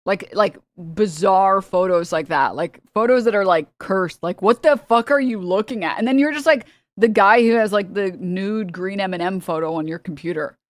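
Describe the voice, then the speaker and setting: A woman's voice: medium pitch, moderate pace, few pauses, dry recording. A woman streamer rambling through casual reaction commentary, cursing freely and breaking into laughs. The recording is dry and close, with no room sound. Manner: rambling, profane, laughing often.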